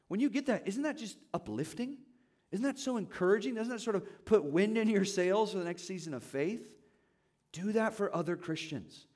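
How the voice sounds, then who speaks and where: High-voiced man preaching a sermon. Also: animated, moderate pace, darkish tone. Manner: conversational, asks the congregation questions. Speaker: pastor. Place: church.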